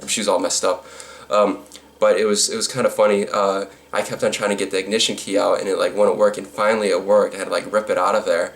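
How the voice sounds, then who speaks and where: Rambling, sarcastic man with a lowish voice. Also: little pitch movement, fast. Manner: rambling with many fillers and restarts. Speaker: vlogger. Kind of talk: storytime vlog.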